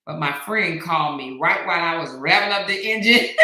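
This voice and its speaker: Loud, laughing woman host in an echoey room. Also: fairly low pitch, expressive, brisk. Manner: loud, laughing, teasing, swearing. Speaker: commentary channel host. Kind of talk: casual gossip chat reading live comments.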